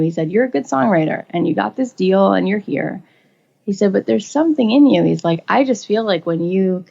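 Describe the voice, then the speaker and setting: A woman in her forties telling her own story in a casual interview, acting out quotes with lively jumps in pitch. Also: gravelly, dull audio. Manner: animated, acts out quotes with rising pitch. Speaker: guest.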